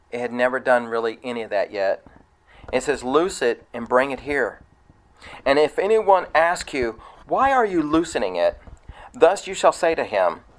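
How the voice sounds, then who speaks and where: Male preacher, mid-pitched, plain delivery, verse-by-verse sermon that sometimes builds to loud excitement. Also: low-quality recording. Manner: conversational, rising to loud excited retelling.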